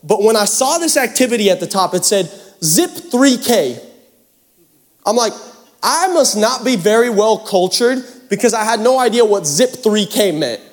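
A young male pastor from the Pacific Northwest, telling a camp story in a sermon with animated, self-mocking drama. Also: high voice, normal speed. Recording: hall reverb.

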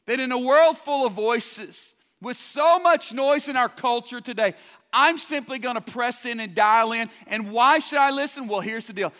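A man preaching a sermon to a congregation, energetic and joking, often stumbling into quick restarts as he talks. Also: very high-pitched. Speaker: pastor. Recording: long hall reverb.

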